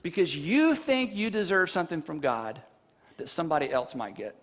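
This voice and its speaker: Male pastor, high voice, lively storytelling sermon, quizzing the crowd; echo in a big hall. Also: moderate pace. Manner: animated storytelling with rhetorical questions to the congregation. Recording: long reverb from a large hall.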